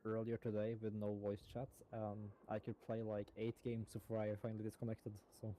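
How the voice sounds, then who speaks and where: A man's voice: on the low side, completely flat delivery, brisk. Guy rambling over a game, lots of likes and uhs, hiss behind him. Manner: rambling, filler-heavy, casual swearing. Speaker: gamer. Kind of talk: casual gaming chat.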